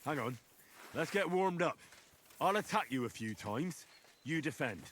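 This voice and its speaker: A man's voice: fairly high pitch, animated, measured pace, heavy background noise. Henry, a wry young swordsman. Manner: dry, wry. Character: young male commoner swordsman, dry and wry. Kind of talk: video game dialogue.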